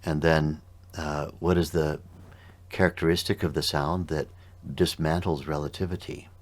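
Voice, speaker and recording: Very deep-voiced male meditation teacher. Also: steady tone. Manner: measured, unhurried explaining. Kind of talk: explanatory spoken teaching.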